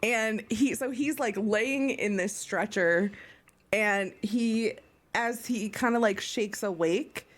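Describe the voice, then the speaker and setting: A woman's voice: medium pitch, slow. A woman running a tabletop game as game master, narrating with frequent laughter and filler words. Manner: laughing, full of ums and likes.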